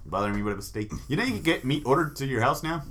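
A man's voice: medium pitch, lively intonation, racing, a bit bright. A man co-hosting a podcast, swearing and riffing jokes in casual crude banter. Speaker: podcast co-host.

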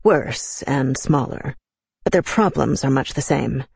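A man's voice: mid-range voice, animated, a little slow, vocal fry, breathy edge, no echo, exaggerated voice. A man reading a grim old horse-healing aunt. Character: stern older Roma aunt, horse healer, woman.

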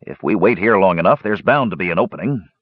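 A man voicing a proud, gruff old male dwarf warrior in an audiobook, with a scornful manner. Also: low voice, animated, fast, no room sound, phone-quality sound. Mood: dry.

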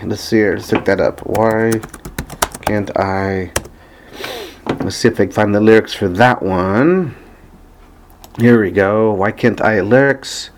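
A man's voice: lowish voice, a little mellow. A man casually talking about a band he loves, hesitant and earnest, with many ums and restarts as he searches for songs. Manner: earnest, enthusiastic fan. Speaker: vlogger discussing a band's music. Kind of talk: casual rambling talk, reading lyrics aloud.

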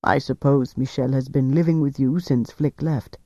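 A man reading aloud, voicing a cool, calculating male officer who questions with gentle persuasion. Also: mid-range voice, steady tone, normal speed, no room sound, clean studio sound, lightly acted. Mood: probing.

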